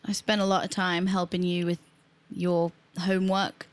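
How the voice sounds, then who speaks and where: A young woman co-hosting a casual podcast, playful and quick to laugh. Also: lowish voice, flat delivery. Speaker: podcast co-host.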